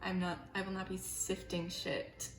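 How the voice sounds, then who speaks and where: This young woman's voice is lowish, monotone, and a little slow. She vlogs while baking at home, chatty, self-deprecating and dramatic, in an echoey kitchen with faint music playing.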